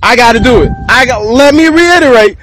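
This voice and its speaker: High-voiced man ranting freely. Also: lively intonation, brisk, fairly bright tone, slight background noise, rough recording. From Texas. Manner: rambling, profane, laughs between thoughts. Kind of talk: freestyle rant to camera.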